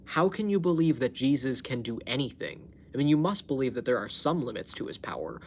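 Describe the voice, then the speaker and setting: A man with a mid-range, sing-song voice talks briskly and a little mellowly as he hosts his own live stream from home, recorded on a phone with slight background noise. He chats casually and tells a story, laughing often and swearing freely.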